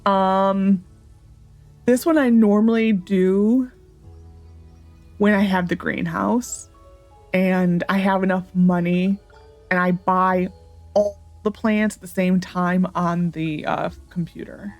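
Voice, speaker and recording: A woman's voice: medium pitch, fairly even intonation, slow pace, long pauses, soft background music. A woman hosting a gaming channel, chatting casually and thinking aloud as she plays. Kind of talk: casual let's-play commentary.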